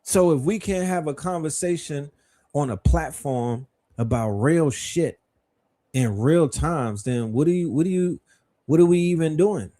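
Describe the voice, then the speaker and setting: A middle-aged man's voice, a touch higher than most men's, with a warm, dark timbre. He hosts a livestream in a blunt, profane commentary style and keeps firing rhetorical questions at his audience. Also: measured pace. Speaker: livestream host.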